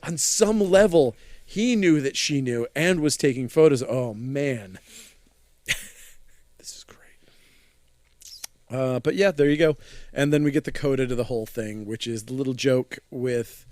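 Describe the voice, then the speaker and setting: A man's voice: mid-range voice, moderate pace, a little mellow, no room sound, clean studio sound. A man co-hosting a podcast, casually recapping a horror movie, laughing often and trailing off mid-thought. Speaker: podcast co-host.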